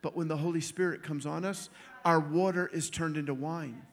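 Male preacher, high voice, lively anecdotal sermon, laughs between lines. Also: normal speed. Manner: animated, acts out quoted voices, laughs often. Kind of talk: storytelling sermon.

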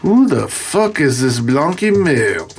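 A man voicing a brash, crude man just woken from a long sleep, talking weakly with a croak. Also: fairly high pitch, very animated, slow, pitched above the performer's own voice, exaggerated voice. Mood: cocky.

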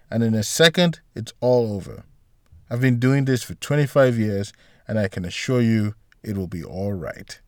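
A man's voice: mid-range voice, no echo, studio quality, lightly acted. A man voicing a confident, experienced male doctor who talks in a matter-of-fact, soothing way.

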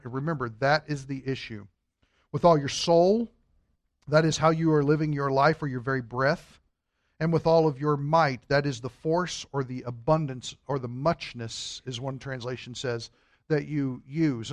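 A male Sunday school teacher walks his class through scripture in an earnest, explanatory manner. He leans on important words and draws them out slowly. His voice sits a little above the usual male range and is recorded with a dry, close sound. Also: a little high, no room sound. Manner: earnest, explanatory, stretches key words for emphasis.

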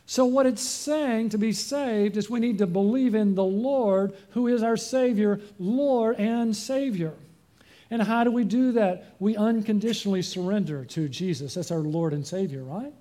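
Male pastor, high mellow voice, preaching with rhetorical questions. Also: normal speed. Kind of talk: sermon.

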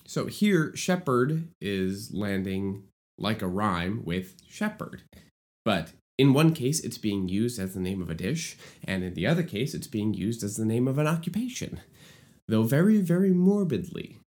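Animated man teaching songwriting. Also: fairly low pitch, normal speed. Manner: enthusiastic, playful asides. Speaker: musical theater educator. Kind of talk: explanatory video lesson.

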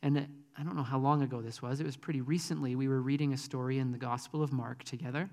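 A man's voice: mid-range voice, steady tone, fast, darkish tone. Earnest man preaching in an echoey hall. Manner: conversational, earnest, frequent ums. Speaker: pastor. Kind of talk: sermon.

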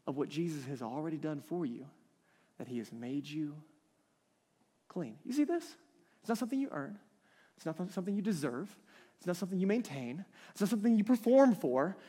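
A man in his thirties preaching a conversational sermon, animated and chatty, laughing lightly between points. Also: a little high. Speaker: pastor.

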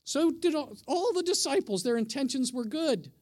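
A man's voice: very high-pitched, animated, moderate pace, a little mellow. A middle-aged man, a pastor, preaching a sermon in a conversational way, often asking the congregation questions.

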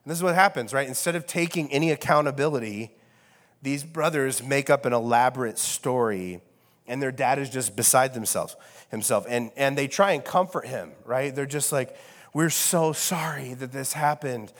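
A man's voice: mid-range voice, moderate pace. A man preaching a casual, conversational sermon as pastor, wry and loose with fillers. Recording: long reverb of a large hall.

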